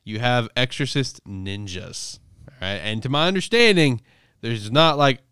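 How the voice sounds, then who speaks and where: A man hosting a casual podcast, recapping a manga chapter in a profane, rambling, animated way. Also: medium pitch, a little slow, smooth, dry recording, clean studio sound. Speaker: podcast host reviewing manga. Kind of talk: casual chat.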